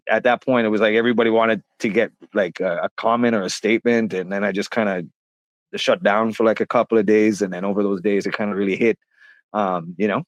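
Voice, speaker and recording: A middle-aged Canadian rapper, appearing as an interview guest, rambles through stories in a casual chat full of fillers and restarts. His voice is fairly low, the recording has no echo, and the highs are cut off.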